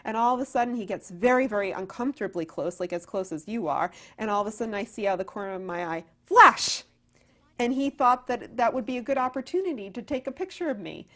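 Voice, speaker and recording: A woman actress and playwright, a guest on an interview show, telling lively stories with many restarts. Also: medium pitch, fast. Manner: animated storyteller, many restarts. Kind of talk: casual interview chat.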